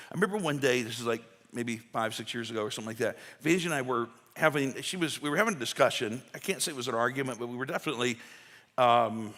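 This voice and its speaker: A man's voice: medium pitch, fairly bright tone. A man preaching a conversational sermon as pastor, folksy and full of asides and restarts. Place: church sanctuary. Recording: long church hall reverb.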